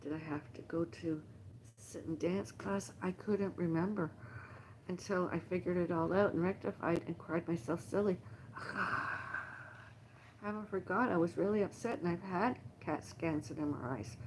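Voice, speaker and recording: A middle-aged woman hosting a livestream, talking in a halting, emotional, rambling monologue full of repeated lists. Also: on the low side, slight background noise. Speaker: livestream host. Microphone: phone livestream.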